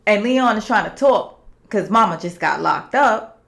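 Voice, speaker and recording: A woman's voice: medium pitch, expressive, measured pace, vocal fry, a bit bright. A woman reviewing a TV series finale in a casual, opinionated recap. She talks straight to her viewers and drops into the characters' lines as she retells scenes. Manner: chatty and opinionated, with asides to viewers.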